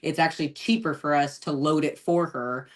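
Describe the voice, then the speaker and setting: A woman's voice: low voice, fairly even intonation, normal speed. A woman tells a long personal story on a podcast. She talks casually and fills her speech with "like," and she often breaks into laughter. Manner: chatty, laughing often, lots of "like". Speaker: guest investor.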